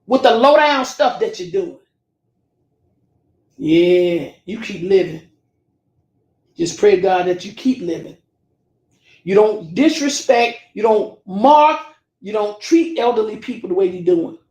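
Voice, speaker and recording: A woman's voice: mid-range voice, expressive, measured pace, pauses often, darkish tone, roomy sound. A woman talking straight to her camera viewers, scolding and preaching, calling them baby and family. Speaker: YouTube commentator. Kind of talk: direct-to-camera rant.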